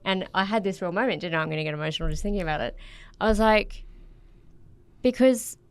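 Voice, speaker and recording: A woman's voice: fairly low pitch, racing, smooth, no room sound. A woman in a casual podcast conversation who laughs easily and acts out remembered bits of talk. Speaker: podcast guest.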